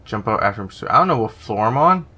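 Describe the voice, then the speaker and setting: A man's voice: lowish voice, animated, fast talker, sharp tone. A man casually commenting on a video game, reading its text aloud and adding profane, sarcastic remarks. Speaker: gaming YouTuber.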